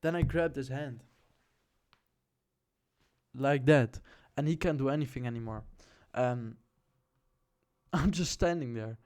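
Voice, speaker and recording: A man's voice: mid-range voice, slow pace, long pauses, darkish tone. A young man casually telling a personal story to the camera, loose and slangy, with many fillers. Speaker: vlogger.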